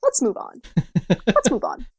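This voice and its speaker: A woman's voice: high voice, wildly swooping pitch, unhurried. A woman co-hosting a casual gaming podcast, giggly and playful. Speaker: podcast co-host.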